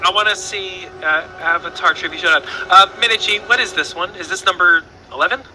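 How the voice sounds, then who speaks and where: A man's voice: high-pitched, brisk, sharp tone, faint music behind, poor audio. A man hosting an online trivia quiz over voice chat, playful and rambling, laughing at his own jokes.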